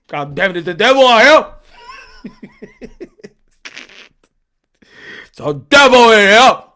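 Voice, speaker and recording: Boxing channel host, male, very high and bright voice, loose comedic rant, constant laughing and cursing. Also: sing-song, takes it slowly, pauses often. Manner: laughs often, swears freely, preachy asides.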